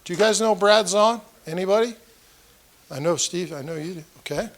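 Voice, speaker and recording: A man's voice: high-pitched, normal speed, a bit bright. A man running for office, giving a conversational campaign speech at a small meeting and telling stories that act out what people said. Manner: conversational storytelling, acting out quoted dialogue; addresses the audience directly with questions. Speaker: political candidate. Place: meeting room with about 30 people.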